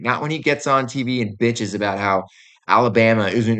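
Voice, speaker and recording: A man's voice: mid-range voice, moderate pace. Exasperated young man ranting. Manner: animated, exasperated, casual with many fillers. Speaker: podcast host. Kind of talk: opinionated sports rant.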